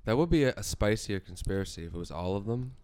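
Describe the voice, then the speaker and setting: A man's voice: lowish voice, expressive, fast, a little mellow, dry recording. A young man co-hosting a podcast, joking wryly in casual chat. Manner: wry, joking. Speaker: podcast co-host.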